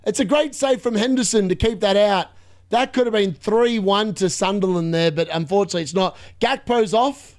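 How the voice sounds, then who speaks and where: High-voiced, excitable young man streaming live. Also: fairly quick, dry recording, studio quality. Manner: excitable, chatty, reacting to live scores. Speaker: fantasy football livestream host. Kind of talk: live watchalong commentary.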